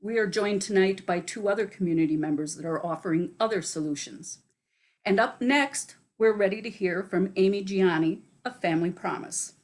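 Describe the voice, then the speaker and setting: A woman from city staff giving a prepared presentation, steady and read from notes. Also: mid-range voice, normal speed. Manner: steady, reads from prepared remarks.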